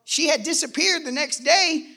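A man telling his personal faith testimony in an animated way, acting out the voices in his story and bursting out loud at times. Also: very high voice, moderate pace, vocal fry. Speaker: testimony speaker.

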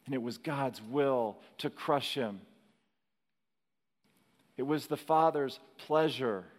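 A man preaching a sermon in a slow, dramatic way, rising to emphatic peaks and dropping to hushed lines. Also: mid-range voice, in a large hall. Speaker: pastor.

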